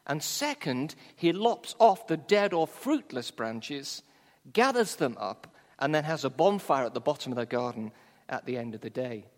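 A man preaching a sermon, teaching from the Bible in a measured, emphatic way. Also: a little high, animated, big-room sound.

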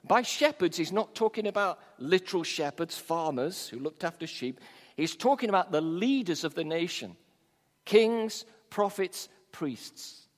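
Preacher, man, high voice, emphatic sermon delivery, long church reverb. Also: lively intonation, a little slow. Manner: emphatic, stresses key words, reads scripture aloud. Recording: long reverb of a large hall.

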